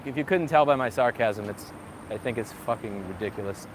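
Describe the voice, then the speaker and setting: A man's voice: mid-range voice, a little fast, a little hiss or hum. A man talking casually and sarcastically while walking outdoors, ranting with profanity and dry jokes. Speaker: tech streamer.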